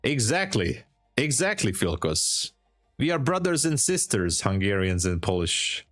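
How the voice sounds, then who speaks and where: A man's voice: on the low side, very animated, unhurried, a bit bright, faint music behind. A man hosting a live trading stream, chatting casually with viewers, laughing often and giving encouraging advice. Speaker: trading livestream host.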